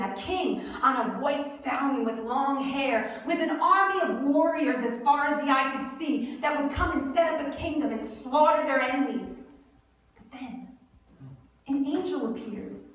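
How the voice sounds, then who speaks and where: A woman preaches an Easter sermon in a high, bouncing voice that swoops up and down as she acts out each person in the story. Her voice rings through a very echoey hall and sounds picked up from some distance. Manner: animated storytelling, acting out quotes. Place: church hall.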